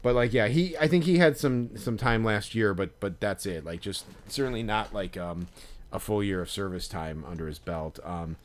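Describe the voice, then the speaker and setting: Male podcast co-host, lower voice, loose rambling delivery full of fillers. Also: lively intonation, moderate pace, slight background noise. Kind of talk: casual chat.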